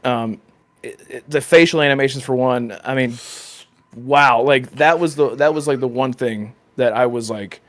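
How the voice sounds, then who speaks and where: A man co-hosting a casual podcast chat, animated and quick to laugh, with many restarts. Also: medium pitch. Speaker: podcast co-host.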